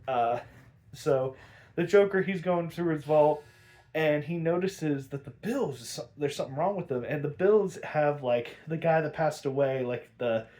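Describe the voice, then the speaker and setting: A man with a fairly high voice talks through a cartoon episode in a loose, chatty recap. His speech is full of fillers, and he laughs easily as he goes. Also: a little mellow. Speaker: podcast host.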